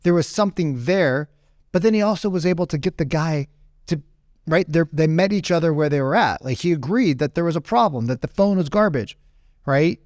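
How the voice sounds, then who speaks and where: A business speaker of around forty tells a rambling story in casual talk, asking "right?" over and over. His fairly high voice is animated, brisk and a little mellow, captured in clean studio sound with no room sound.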